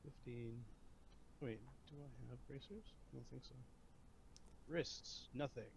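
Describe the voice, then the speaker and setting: A man's voice: medium pitch, a little hiss or hum. A man playing in a tabletop game, joking and asking rules questions. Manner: slow, gravelly, joking. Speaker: player. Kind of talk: casual tabletop play.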